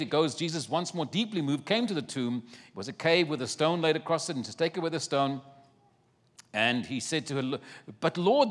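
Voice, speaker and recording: A man preaching a sermon, retelling a scripture story with animated, acted-out voices and asides. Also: a little high, long reverb tail.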